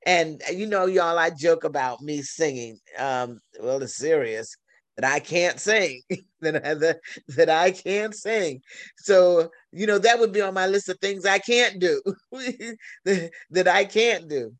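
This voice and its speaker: A man preaching a sermon over a phone line, slow and deliberate, repeating key phrases. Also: a little high, a bit bright, dry recording.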